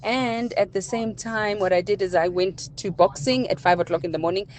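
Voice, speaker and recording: A woman's voice: mid-range voice, fairly quick, a little mellow, a little hiss or hum. A woman calling in to a radio show, talking steadily and matter-of-factly. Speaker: caller.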